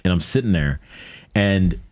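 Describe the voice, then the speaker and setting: Deep voiced guy in his 30s, podcast guest, telling a story all animated, does the voices. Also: a little slow. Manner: animated, acts out quoted dialogue with restarts. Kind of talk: storytelling in a casual interview.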